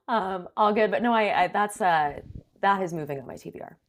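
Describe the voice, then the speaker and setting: A woman's voice: medium pitch, normal speed. Chatty 30s woman co-host, easygoing book talk full of ums. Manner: chatty, many ums and likes, laughs often. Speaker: podcast co-host. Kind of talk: casual book chat.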